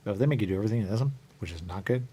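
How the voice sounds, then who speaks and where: A man hosting a radio show, talking in a rambling monologue that keeps repeating the same catchphrases and jumps suddenly up in pitch. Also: lively intonation, very fast, mellow, a little hiss or hum.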